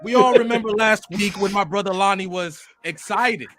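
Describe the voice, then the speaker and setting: A man putting on a preacher's voice for a mock eulogy, swelling loud and dropping soft in sermon cadence. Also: sits high, normal speed, loud music behind the voice, lightly acted. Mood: solemn. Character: adult male preacher delivering a mock eulogy. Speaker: podcast host.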